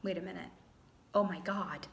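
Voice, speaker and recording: A woman giving a casual tarot reading to viewers, chatty and animated with playful exclamations. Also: lowish voice, moderate pace, a little hiss or hum. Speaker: tarot reader.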